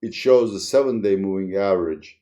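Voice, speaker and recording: A man's voice: deep voice, moderate pace, mellow. A man hosting his own commentary channel, talking in a wry, sardonic way and chuckling as he explains things. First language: Turkish. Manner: wry, sardonic, chuckles through serious points. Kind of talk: solo video commentary.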